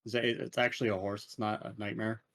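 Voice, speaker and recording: A man playing in a tabletop role-play game, talking in a halting way as he thinks aloud. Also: on the low side, flat delivery, a bit bright. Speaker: player.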